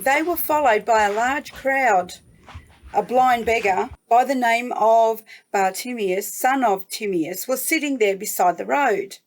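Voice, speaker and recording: An Australian woman telling a Bible story to children, her delivery unhurried and gentle with clear emphasis. Her voice sits a little high, and she takes her time over every phrase. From New South Wales, Australia. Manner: gentle, slow, warmly emphatic. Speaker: guest storyteller.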